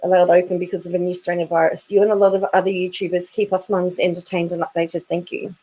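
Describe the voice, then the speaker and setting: A woman's voice: lowish voice, level tone, fast, mellow, low-quality recording. A woman hosting her own channel, reading viewer comments aloud and reacting in casual commentary, often breaking into laughter. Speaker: YouTube channel host.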